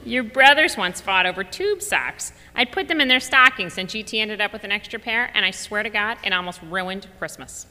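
A woman's voice: medium pitch, expressive, moderate pace, few pauses, bright, forceful tone, long reverb tail, slight background noise, pitched above the performer's own voice. A woman voicing an older mother who gives blunt, folksy advice with emphasis. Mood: emphatic.

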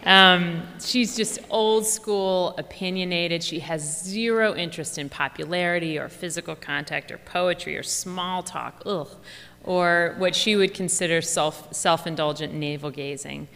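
Speaking a little slowly in a lowish, creaky, sharp voice, a Philadelphia-accented author delivers a lively, comic talk to a crowd in a large hall. She's effusive and talkative, laughs a lot, and the room sound is big.

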